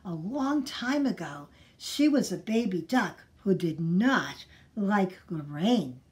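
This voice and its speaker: A woman voicing a kindly old grandfather duck, soft and gentle. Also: medium pitch, lively intonation, slow pace. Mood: hushed. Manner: soft, warm-hearted.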